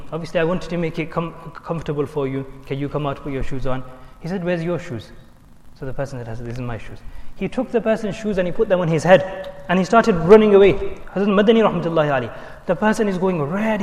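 A man's voice: fairly high pitch, a little mellow, long reverb tail. A man preaching a sermon, telling stories and mixing in Urdu and Arabic quotations. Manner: storytelling, switching between English, Urdu and Arabic quotations. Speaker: Islamic preacher.

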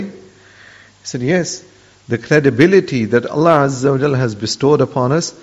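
Speaking at a moderate pace, an Islamic religious teacher with a mid-range, darkish, somewhat breathy voice earnestly relates an old story, peppered with pious honorifics. It's captured in dull lo-fi audio with long hall reverb.

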